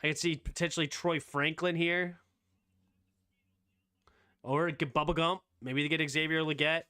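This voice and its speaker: A fairly high-voiced man hosts a loose, live sports talk stream. He reacts fast and excitedly, throwing out strong opinions as things happen. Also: smooth. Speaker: streamer host.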